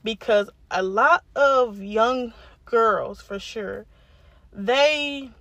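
Young woman around 20 going off on a solo podcast rant, kinda high voice, cussing a lot. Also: drawn-out words, fairly bright tone, no echo. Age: about 20. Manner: angry, profane, blunt. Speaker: podcast host.

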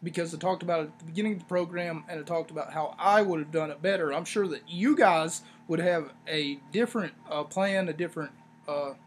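A man with a high, light voice runs through his review in loose, rambling chatter and doubles back on his own points with sarcastic asides. A faint hiss sits under the recording. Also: fairly quick. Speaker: wrestling review podcast host. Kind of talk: casual solo review talk.

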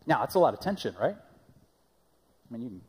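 A man's voice: medium pitch, big pitch swings, moderate pace, darkish tone, slightly rough. A male pastor preaching a sermon in a conversational way, often asking the congregation questions, recorded in a church sanctuary. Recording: long reverb of a church hall.

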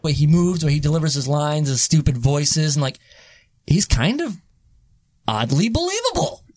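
Podcast host, casual movie chat, rambling, lively pitch, dry close mic. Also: male voice, no room sound. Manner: rambling, halting with restarts, laughs often.

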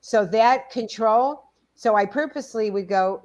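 A woman in her sixties co-hosting a podcast, telling stories in a casual, animated way. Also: on the high side, moderate pace, lo-fi sound. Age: 60s. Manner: animated storytelling, acts out quoted dialogue. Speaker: podcast co-host. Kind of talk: casual conversation.

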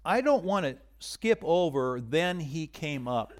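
A man preaching a sermon in a conversational way, rising to loud emphasis and dropping to hushed whispers. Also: fairly high pitch, lively intonation, slow. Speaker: pastor.

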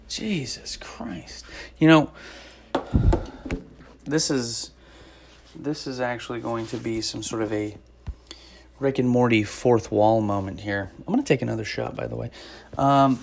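A woman's voice: very deep voice, creaky. A woman hosting a podcast in a casual monologue, ranting with sarcasm and lots of swearing and rambling between topics. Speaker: podcast host; former stand-up comic.

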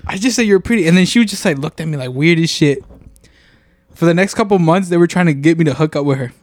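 A man's voice: fairly high pitch, fast, a little mellow, no echo, studio quality. A young man co-hosting a podcast, telling an embarrassing school story in slangy, self-mocking chat. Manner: slangy, self-mocking, says bro a lot. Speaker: podcast co-host.

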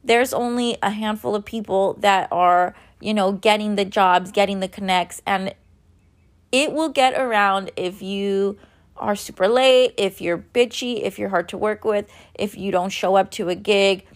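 A woman's voice: medium pitch, measured pace. A woman in her thirties tells a long story in a loose, chatty monologue. She rambles, fills gaps with filler words and swears bluntly. She sounds a little worn out. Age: 30s. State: tired.

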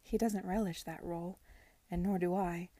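Sulky young heiress, blunt and bitter, woman reading her lines, mellow low-key voice. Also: fairly even intonation, normal speed, no echo, close to an everyday voice.

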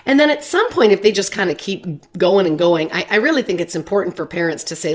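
A woman's voice: on the low side, animated, fast talker, few pauses. A woman counselor talking casually to parents, chatty and repeating her words as she acts out soothing lines to a child. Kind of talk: workshop talk.

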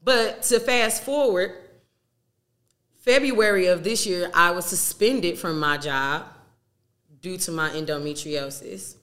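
A woman's voice: fairly low pitch, takes it slowly, long pauses, a bit bright. A young woman talking candidly to her listeners in a casual, emphatic way, with slang and swearing. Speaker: podcast host.

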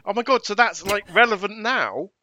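Man, wry and mock-outraged, bright voice, lively pitch. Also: normal speed, slight background noise. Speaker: podcast co-host. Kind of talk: casual chat.

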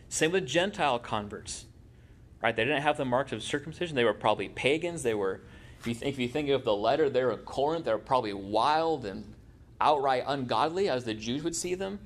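A man preaching in a relaxed, conversational way, tossing in jokes for his congregation. His voice sits at a middle pitch for a man, and he speaks from a church sanctuary. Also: a little fast. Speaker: pastor. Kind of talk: sermon.

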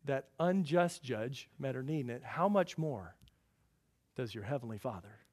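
A man's voice: medium pitch, animated, a little slow, a little mellow. A male pastor delivering a sermon, preaching emphatically and repeating key phrases for weight.

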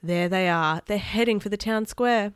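Give me a woman voicing a brisk, practical old grandmother from a storybook. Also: mid-range voice, clear, resonant tone, dry recording, clean studio sound, lightly acted.

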